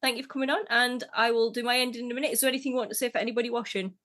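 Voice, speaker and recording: A woman's voice: fairly high pitch, fairly even intonation, rapid-fire, a bit bright. Chatty, laughing female podcast host. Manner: chatty, laughs often, tells stories with quoted voices. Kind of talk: casual interview chat.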